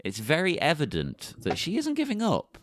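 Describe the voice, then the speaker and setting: A man in casual podcast talk, his pitch leaping high and low in a very lively way. The sound is close and dry, with no room around it, and his opinions come out blunt. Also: moderate pace, no echo.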